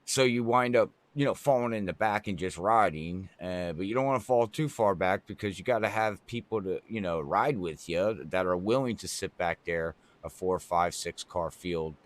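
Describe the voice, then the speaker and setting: A man giving color commentary on a sim racing event, rambling through relaxed analysis. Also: deep voice, moderate pace, few pauses.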